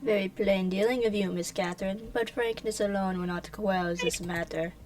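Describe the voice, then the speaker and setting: A woman's voice: mid-range voice, fairly even intonation, moderate pace, darkish tone, slight background noise, natural voice, low-quality recording. A woman playing a formal, menacing male noble official in an amateur fan dub.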